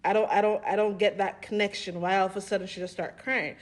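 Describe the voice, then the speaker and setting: A woman on a podcast, telling personal stories in a casual, animated way and acting out what people said. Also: medium pitch, fast talker. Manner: animated storytelling, acting out quoted voices with laughs. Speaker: podcast co-host.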